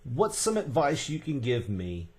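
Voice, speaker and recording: A man's voice: medium pitch, wildly swooping pitch, measured pace, a little mellow. A man hosting a casual wrestling podcast interview, cracking jokes and laughing along with his guest. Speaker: podcast host.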